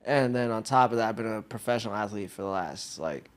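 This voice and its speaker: A young American man, a guest athlete in a casual chat, tells stories in a laid-back, slang-heavy way and laughs easily. His voice is lowish and animated, and he speaks at a quick pace.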